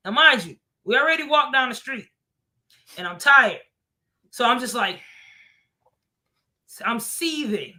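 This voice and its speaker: A woman telling stories in a casual chat. She is animated, laughs often and swears freely. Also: sits high, unhurried, pauses often.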